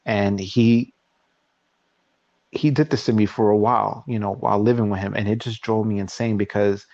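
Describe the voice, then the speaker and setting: A man's voice: lowish voice, steady tone, moderate pace, creaky, darkish tone, no room sound. Guy in his 40s on a podcast, talking casually, tells stories and plays out both sides of an argument, muffled dry audio. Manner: storytelling, acting out both sides of a quarrel. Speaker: podcast host. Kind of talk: casual chat. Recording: dull, dry lo-fi recording.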